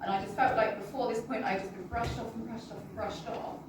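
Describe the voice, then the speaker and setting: A British woman recounts her own story to a listening audience, speaking in a halting, emotional way and often apologizing. Her voice is picked up from a distance in a very reverberant room. A constant background hum sits under her speech. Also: on the high side, fairly even intonation. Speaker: guest sharing a personal testimony. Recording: roomy, distant, with background noise.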